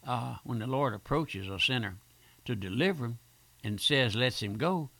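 A man's voice: medium pitch, normal speed, a bit bright, dry recording. A male pastor preaching a fervent radio sermon with rhetorical questions and repeated phrases.

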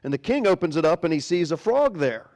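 A man's voice: on the high side, very animated, a little fast, a little mellow. A man preaching a sermon as pastor, animatedly retelling a fairy tale. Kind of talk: sermon storytelling.

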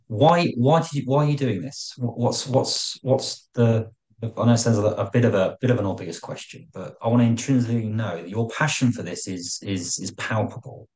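A man's voice: medium pitch, normal speed, darkish tone, low-quality recording. A male podcast host who eagerly cuts in with questions. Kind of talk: podcast interview.

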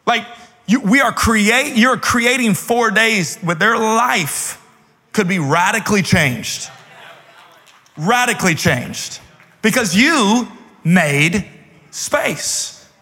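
Youth pastor, male, high and bright tone; casual, playful sermon delivery; hall reverb. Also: lively intonation, takes it slowly, husky. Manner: casual, playful preaching with slang asides.

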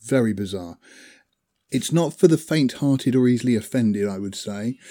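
A man's voice: medium pitch, expressive, normal speed, dark tone. A man chatting casually about films he has watched, rambling with fillers and small laughs. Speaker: film reviewer. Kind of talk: casual film chat.

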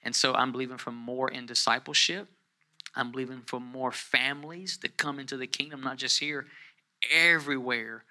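A male pastor with a medium-pitched, steady voice gives a casual, conversational sermon at a moderate pace. He has the congregation repeat words and rises to loud, emphatic scripture reading.

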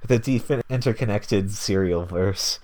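A man co-hosting a podcast, making playful quick jokes and short agreeing replies in casual chat. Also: lowish voice, noisy background. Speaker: podcast co-host. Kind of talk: casual chat about tabletop game characters.

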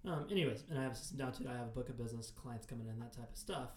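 A man's voice: mid-range voice, rapid-fire, a little mellow, slight background noise. A young man hosting a podcast, chatting casually in a joking, teasing way. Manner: joking, teasing, lots of fillers. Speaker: podcast host. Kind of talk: casual chat. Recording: echoey room.

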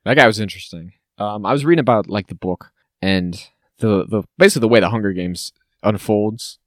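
A man co-hosting a podcast in casual chat, animated and rambling, with frequent swearing. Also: fairly low pitch, fairly quick, no echo, studio quality. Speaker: podcast co-host.

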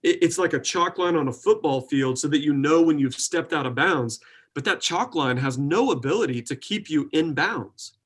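A young adult man, a pastor, talking earnestly in a relaxed preaching way, full of likes and restarts. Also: fairly high pitch, moderate pace, slightly rough. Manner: earnest, filler-heavy, with many likes and restarts. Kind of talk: casual preaching in conversation.

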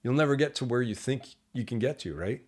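A man, a guest on an interview show, telling lively casual anecdotes and acting out the people in them. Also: mid-range voice, fast, slightly rough. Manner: animated anecdotes, acts out quoted people. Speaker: entrepreneur guest.

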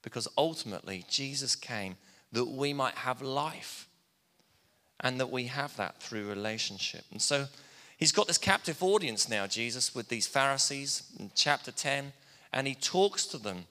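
A man's voice: medium pitch, expressive, moderate pace, bright, forceful tone, big-room sound. A man preaching a sermon, telling the story in a plainspoken, conversational way. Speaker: pastor.

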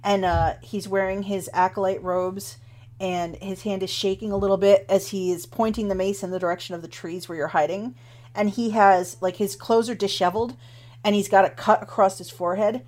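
A woman's voice: medium pitch, steady tone, a little mellow. A woman running a tabletop game as game master, narrating at an easy pace with many fillers. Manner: unhurried, with many fillers like um and kinda.

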